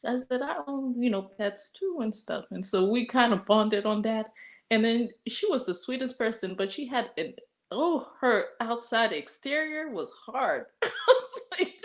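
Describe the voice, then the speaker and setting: A woman's voice: fairly high pitch, expressive, measured pace. A woman in casual chat, telling a workplace story, laughing often and acting out what others said. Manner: laughs often, acts out quoted voices.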